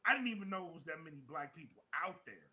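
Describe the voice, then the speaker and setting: A man in his thirties, a podcast co-host, telling a story in casual chat, laughing often and acting out shouted quotes. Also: a little high, expressive, fast.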